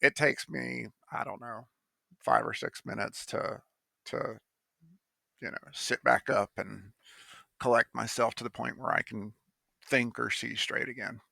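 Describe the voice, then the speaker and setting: A man's voice: medium pitch, a little slow, gravelly, long pauses, pushed and bright, no echo. A man telling how he came to write a poem, in a rambling casual monologue full of fillers and restarts, blunt and now and then swearing.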